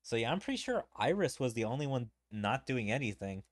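A man's voice: mid-range voice, big pitch swings, brisk, no echo. A man giving casual gameplay commentary, musing and thinking aloud to himself as he plays. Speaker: streamer playing a game.

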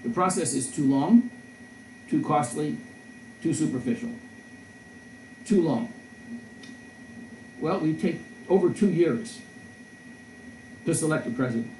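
Mellow-voiced male professor in a roomy echo. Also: on the high side, unhurried, pauses often, recorded from a distance, slight background noise. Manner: discursive, storytelling, frequent restarts. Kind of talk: conversational lecture. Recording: roomy echo, voice a bit off-mic.

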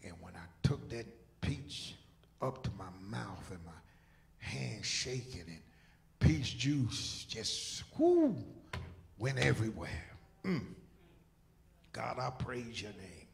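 A man preaching a sermon as pastor, swinging between loud shouts and hushed whispers. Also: fairly low pitch, slow pace, creaky. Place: church sanctuary.

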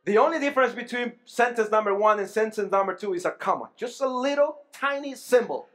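A male pastor with a high-pitched voice, preaching a lively sermon in a church. He keeps checking in with the congregation and often repeats or restarts his words as he builds his point. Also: a little fast. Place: church sanctuary.

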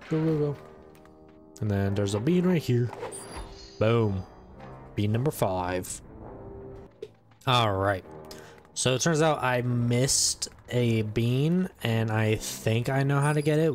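Male let's play host, mid-pitched, excitable, chatty running commentary. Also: slow, long pauses, soft background music. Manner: excitable, talks to the game and its characters; says "dude" a lot. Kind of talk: casual gameplay commentary.

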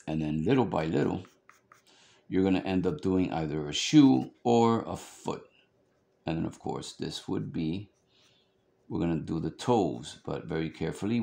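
A drawing instructor works his way through a book in a loose, chatty tutorial packed with filler words, hiccuping as he goes. His voice is a deep rumble, creaky yet warm.

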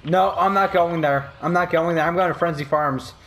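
A man's voice: fairly high pitch, moderate pace, slight background noise. A drunk man rambling and laughing in casual chat while playing a video game. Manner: giggly, rambling, loud outbursts. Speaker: gamer.

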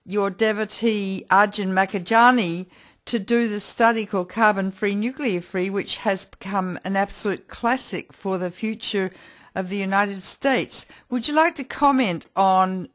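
A woman hosts a radio interview show. Her voice sits in a middle register, and she introduces the guest in an earnest, emphatic way before turning to easy conversation. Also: mid-range voice.

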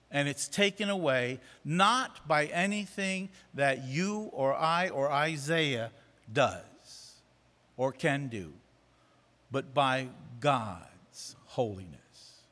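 A man's voice: on the high side, a bit bright. A man preaching a sermon, emphatic and repeating phrases for effect. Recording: long reverb of a church hall.

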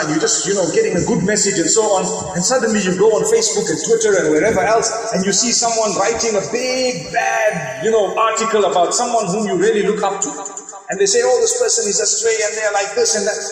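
A man giving a conversational sermon to a live audience, telling stories and joking with the crowd. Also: high voice. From southern Africa. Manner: storytelling, conversational, jokes with the audience. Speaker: preacher. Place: large hall. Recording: echoey hall, voice from a distance.

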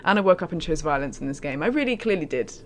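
A woman's voice: sits low, expressive, fast, a little hiss or hum. A woman chatting casually on a live stream as she plays a game, in a self-mocking way.

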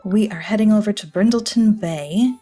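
A woman YouTuber plays a life-sim game in a casual let's-play, talking to her characters like family, laughing often, and exclaiming readily. Her voice is mellow and medium-pitched, with soft music in the background.

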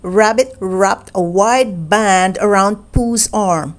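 A woman reading a children's picture book aloud in a slow, expressive way. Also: mid-range voice. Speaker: storybook reader. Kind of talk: children's read-aloud narration.

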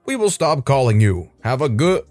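A man's voice: medium pitch, big pitch swings, normal speed, darkish tone, no echo, faint music behind. A man voicing a male debt-collector phone operator who keeps repeating the same polite lines. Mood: dogged. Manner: repetitive, scripted phone politeness.

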